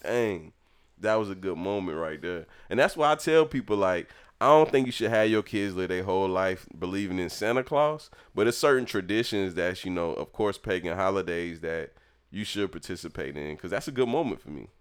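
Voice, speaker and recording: A young man telling a lively childhood story in casual chat, acting out the people in it. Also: sits low, normal speed, clear, resonant tone. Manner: animated, acts out voices in his story. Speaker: storyteller talking with his mother.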